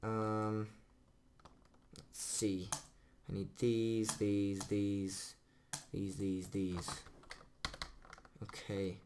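A man chatting casually through a let's play, self-mocking and swearing when things go wrong, his voice a little rough today. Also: fairly low pitch, completely flat delivery, very slow, long pauses, warm tone, a little hiss or hum. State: rough-sounding voice. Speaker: gamer doing a let's play. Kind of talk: casual game commentary. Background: faint background music.

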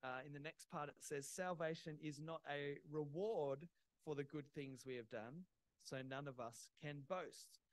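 A man's voice: a little high, steady tone, measured pace, no room sound, rough recording. A man preaching a sermon in a church, explaining things simply and plainly, with small laughs.

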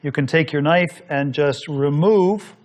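A man whose voice runs slightly high hosts a cooking show, narrating the demonstration as he chops and cooks. Unhurried and relaxed, he explains each step while working, as if teaching whoever is watching.

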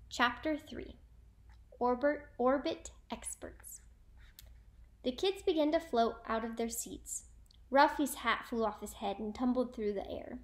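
A woman teacher reading a storybook aloud to children, clear and expressive. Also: fairly high pitch, unhurried.

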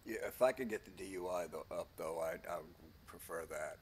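Very deep-voiced older man. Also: brisk. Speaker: game player. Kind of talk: casual chat.

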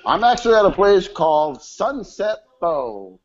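A man's voice: high-pitched, a little slow, muffled recording. Man rambling on a group live stream. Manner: relaxed, rambling with fillers. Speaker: live show co-host. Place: at a restaurant. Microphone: online call.

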